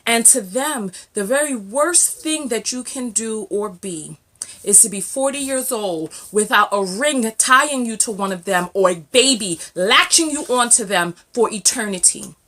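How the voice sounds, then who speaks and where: A woman from the United States giving sassy, animated reaction commentary as a relationship vlogger. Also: mid-range voice. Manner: sassy, animated, exclaiming and questioning.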